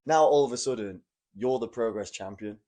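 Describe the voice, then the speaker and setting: A man's voice: mid-range voice, moderate pace, warm tone. A man hosting a casual podcast chat in a hotel room, prompting his guest with eager questions. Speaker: podcast host, wrestler.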